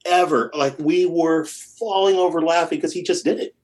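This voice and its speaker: A man, a musician guest, telling recording stories in a casual interview, animated, laughing often and humming rhythms. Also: fairly high pitch, normal speed. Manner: animated, laughing, hums rhythms, many restarts.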